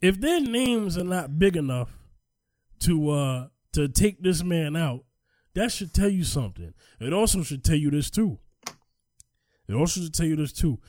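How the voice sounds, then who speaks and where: A man co-hosting a podcast, his pitch a little high and his delivery animated and emphatic. He is recorded close and dry, with no room sound around him. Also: normal speed, no room sound. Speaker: podcast co-host. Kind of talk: casual chat.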